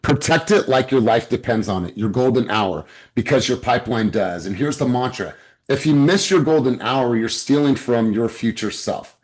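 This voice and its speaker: A man's voice: medium pitch, lively intonation, moderate pace. A man leading a motivational sales coaching session over a video call, emphatic and exhorting, with occasional swearing.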